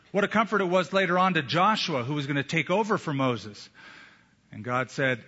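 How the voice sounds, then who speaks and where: A man preaching a sermon as a pastor, emphatic, with slow deliberate pauses. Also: on the high side, lively intonation, bright, forceful tone, husky. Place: church sanctuary. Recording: echoey hall, dull lo-fi sound.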